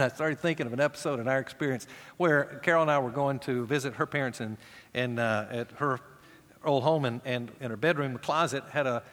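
Man preaching in a reverberant hall. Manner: swings from raised, animated delivery to low, hushed emphasis; acts out quoted voices in conversational asides. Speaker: pastor. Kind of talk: sermon.

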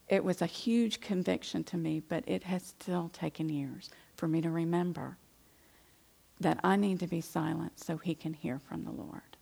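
A woman's voice: lowish voice, vocal fry, a little mellow, husky. A middle-aged woman giving a Christian testimony talk to women, telling her story with animation and acting out her past indignation. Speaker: Christian speaker addressing women.

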